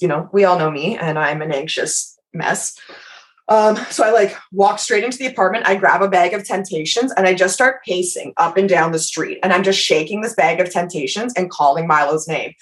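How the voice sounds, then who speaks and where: A woman's voice: on the low side, fairly quick. A woman telling a story in casual podcast chat. She swears freely, mocks herself and laughs through it.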